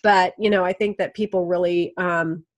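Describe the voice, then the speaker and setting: A woman guest telling stories in a casual interview, animated and acting out the voices of people she quotes. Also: on the low side, moderate pace. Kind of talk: casual conversational storytelling.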